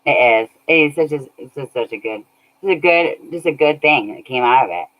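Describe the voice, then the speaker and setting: A woman's voice: very deep voice, animated, fairly quick, a bit bright. A woman chatting casually on a livestream, laughing often and thanking viewers by name. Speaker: streamer reading chat. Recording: dull lo-fi audio.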